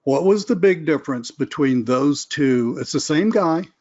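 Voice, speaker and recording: This sales trainer runs a casual live webinar, acting out example phone calls as he teaches. He speaks at a measured pace in a fairly high, animated voice with a darkish tone, over dull audio.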